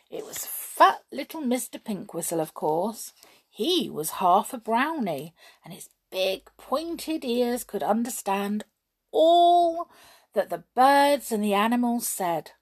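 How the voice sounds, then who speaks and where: A woman reading a children's story aloud, animated and chatting to her listeners. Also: medium pitch, slightly rough.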